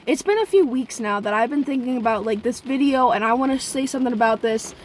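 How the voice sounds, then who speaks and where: A young woman with a high voice tells a story in a casual vlog. She speaks straight to her viewers, rambling and chatty. Now and then she breaks into sudden profane outbursts. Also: fast talker, slight background noise. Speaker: vlogger.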